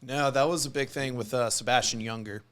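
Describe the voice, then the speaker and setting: A man who is a veteran and podcast guest, chatting calmly with short, agreeable remarks. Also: mid-range voice, fairly quick. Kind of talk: casual chat.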